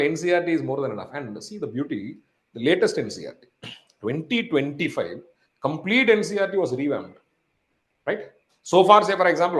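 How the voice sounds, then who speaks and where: A man from India teaching exam preparation to students, often asking "am I right?" and repeating "say, for example". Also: high voice. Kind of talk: lecture to students. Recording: echoey room.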